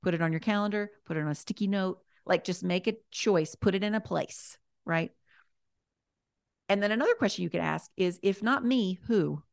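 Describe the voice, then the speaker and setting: A woman's voice: mid-range voice, normal speed, gravelly, dry recording, clean studio sound. A woman talking as a podcast guest, chatty and encouraging, with lots of "like" and "you know" as she corrects herself mid-sentence. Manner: gentle and encouraging. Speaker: podcast guest giving life advice. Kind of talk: casual podcast conversation.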